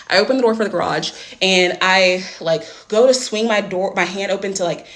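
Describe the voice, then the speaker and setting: A young woman recounts a personal story straight to camera in casual storytime fashion. Her voice sits at a middle pitch, and she is blunt and swears freely. She rushes her words and gets animated whenever the story upsets her.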